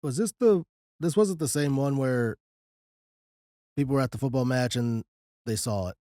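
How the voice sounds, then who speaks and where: A man co-hosting a podcast, chatting in a relaxed way and reading documents aloud. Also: mid-range voice, moderate pace, no echo, clean studio sound. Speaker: podcast co-host. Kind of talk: casual chat.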